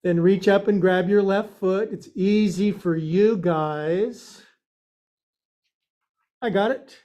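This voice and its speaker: A man leads a yoga class, calling out poses with goofy asides and sound effects. His voice sits fairly high for a man, with a mellow, soft tone, and he takes his time between cues. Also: fairly even intonation, takes it slowly, lo-fi sound. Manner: playful, jokey instruction with silly sound effects. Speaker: yoga teacher.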